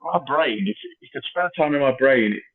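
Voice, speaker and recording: A man's voice: medium pitch, animated, a little fast. A middle-aged man, a podcast guest, talking in a frank, rambling, down-to-earth way. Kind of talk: casual chat. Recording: tinny phone-like line with crowd noise.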